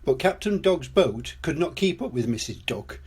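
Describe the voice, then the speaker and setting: An older man reading a children's storybook aloud, gently and expressively, as storyteller. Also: on the high side, very animated, moderate pace, slightly rough.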